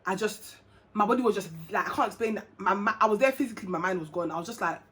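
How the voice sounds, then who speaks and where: A young woman, telling a personal story to camera in a casual, animated way, laughing and acting out what people said. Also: medium pitch, fast talker. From England. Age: young adult. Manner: animated, slangy, laughs often, acts out dialogue. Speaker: vlogger.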